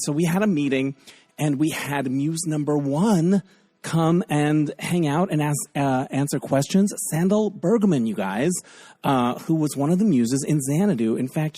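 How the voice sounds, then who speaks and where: A man's voice: fairly high pitch, lively intonation, normal speed, mellow, no echo. A man hosting a podcast, talking casually and enthusiastically with lots of fillers, his voice a bit scratchy. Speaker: podcast host. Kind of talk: casual chatty monologue.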